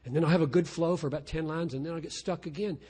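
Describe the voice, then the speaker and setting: A man's voice: a little high, fairly even intonation, fast, dark tone. An older man, a pastor, giving a candid, self-deprecating talk on writing poetry, often restarting and repeating words, and reading his own verse aloud. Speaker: pastor and poet speaking at a lecture. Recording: long reverb of a large hall.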